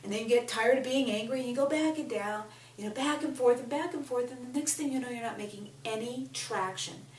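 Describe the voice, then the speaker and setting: A woman's voice: a little high, fairly quick, hardly any pauses, far from the mic. A woman teaching a self-help lesson, speaking directly to the listener and leading tapping phrases aloud. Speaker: tapping coach. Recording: echoey room, voice a bit off-mic, faint hum.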